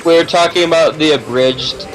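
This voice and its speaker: A man chatting casually on a gaming stream, animated and slangy, quick to joke and laugh. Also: a little high, low-quality recording. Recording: game music playing behind. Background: game music.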